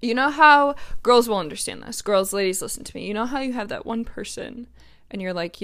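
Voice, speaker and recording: A woman's voice: on the high side, lively intonation, fairly quick, fairly bright tone. A young woman, hosting a podcast and telling a personal story in a chatty, blunt, profane way, full of "like". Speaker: podcast host.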